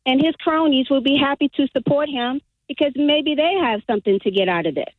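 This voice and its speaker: Lady caller, high voice, calm and thoughtful, tinny phone line. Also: brisk, no echo.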